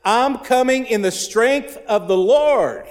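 A man's voice: very high voice, animated, slow pace, voice pushed up, exaggerated voice. A man voicing young David as a bold, cocky shepherd, paraphrasing him in folksy slang. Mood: defiant. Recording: long hall reverb.

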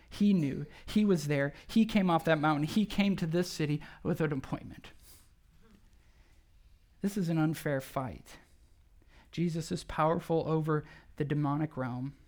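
A pastor preaching a sermon to a church in a conversational, animated way, often asking rhetorical questions. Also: mid-range voice. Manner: animated, acts out quoted speech.

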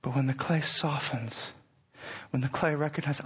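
A man preaching a sermon with passion, swinging from hushed, whispered lines to near-shouting peaks. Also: a little high, moderate pace, breathy edge.

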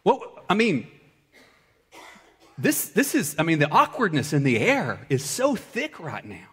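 A male pastor preaching a sermon, swinging between loud, high-pitched bursts and hushed, low-voiced passages. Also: huge pitch swings, measured pace, husky.

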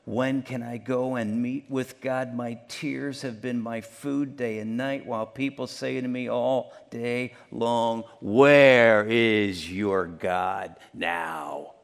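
A man pastor preaching a sermon, swinging between hushed, near-whispered lines and loud, emphatic ones. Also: medium pitch, level tone, slow pace, vocal fry, hardly any pauses, big-room sound.

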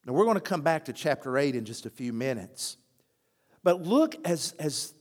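Een animerende predikant in een galmende kerk. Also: male voice, on the high side, big-room sound. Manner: animated storytelling, acts out quoted voices. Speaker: pastor. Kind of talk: sermon.

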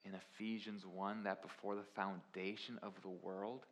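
A young man preaching a sermon, swinging from quiet confessional lines to loud, emphatic preaching. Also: low voice, flat delivery, normal speed. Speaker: pastor.

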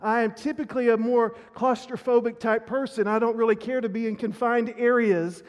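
A male pastor with a strikingly high voice delivers a sermon, telling a personal story earnestly and often restarting his phrases. His voice rings with the long reverb of a church sanctuary. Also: fairly even intonation, fairly quick.

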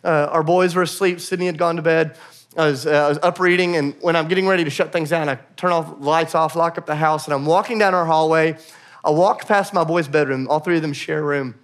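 Pastor guy, high voice, chatty sermon w/ jokey asides at his own expense. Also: steady tone, a bit bright. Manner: conversational, self-deprecating humor, quick asides.

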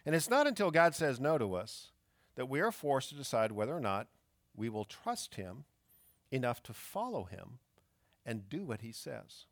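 A man's voice: mid-range voice, sing-song, moderate pace, no echo, studio quality. A man preaching a sermon as pastor, emphatic and fond of rhetorical questions.

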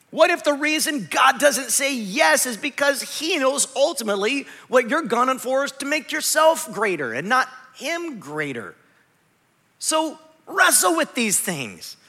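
A male pastor delivers a dramatic sermon in a high, lively voice that rises and falls widely. His tone is bright and forceful, dropping at times to a hush. A long hall reverb trails every phrase. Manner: dramatic, swinging between loud bursts and hushed lows.

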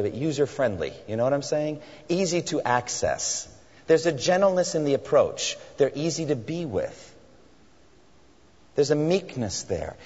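A man with a middle-pitched, slightly husky voice preaches earnestly, slowing down to dwell on each phrase. The sound is a little dull, and a long reverb hangs in the large hall around him. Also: a little mellow. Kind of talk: sermon.

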